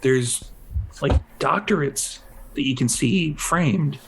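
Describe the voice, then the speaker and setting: A man narrating a tabletop game as game master, in loose, halting description with many fillers. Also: a little high, vocal fry, a bit bright, a little hiss or hum, low-quality recording.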